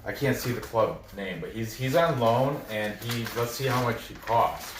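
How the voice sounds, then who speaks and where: A man with a medium-pitched voice and normal pacing casually picks apart soccer matches for betting purposes, stumbling over names as he thinks aloud. Background noise is present, and the distant mic adds a roomy feel.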